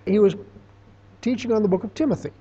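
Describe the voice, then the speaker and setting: A middle-aged man gives a conversational Bible teaching in a high, mellow, slightly rough voice, speaking quickly. He tells stories and reads scripture aloud with emphasis. The recording is dull and lo-fi.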